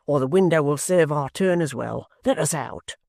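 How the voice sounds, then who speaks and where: A rough, hot-headed young brawler, as a reader puts him on, who shouts out his lines in loud, impatient bursts. The recording is dry and close, with nothing around the voice. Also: medium pitch, animated, normal speed, no room sound. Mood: fiery. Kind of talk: audiobook character voice.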